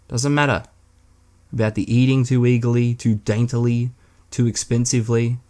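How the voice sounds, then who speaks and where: A man's voice: mid-range voice, little pitch movement, moderate pace, mellow. Man, young, solo podcast host, casual sweary rant, mocking tone.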